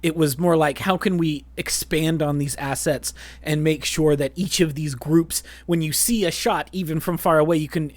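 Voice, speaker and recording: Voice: mid-range voice, fairly even intonation, moderate pace, hardly any pauses, no room sound. A podcast co-host in a casual film chat, talking animatedly with many restarts and fillers.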